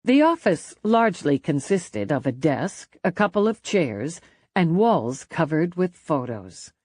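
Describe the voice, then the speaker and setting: A woman narrating a mystery audiobook in a measured, expressive manner, close to the mic. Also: low-pitched, husky, dry recording. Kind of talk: scripted narration.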